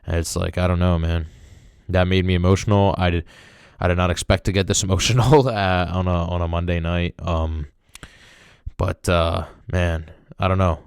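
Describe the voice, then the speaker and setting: A man's voice: deep voice, steady tone, normal speed, vocal fry, clear, resonant tone, dry recording, clean studio sound. A young man hosting a podcast, giving a casual, emotional review in a rambling way, full of fillers like "dude" and "man". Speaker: podcast host.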